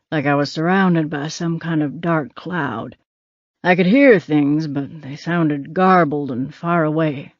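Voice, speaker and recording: A man's voice: fairly high pitch, no room sound, highs cut off, natural voice. A woman voicing a teasing, wry older man who is a hospital patient.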